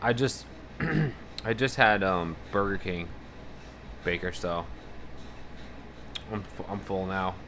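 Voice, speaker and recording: Bright-voiced man chatting on a live stream. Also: sits low, slow pace, creaky, long pauses, a little hiss or hum. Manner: rambling, profane, animated about fears. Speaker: livestreamer. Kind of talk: casual live-stream chat, reading out viewer messages.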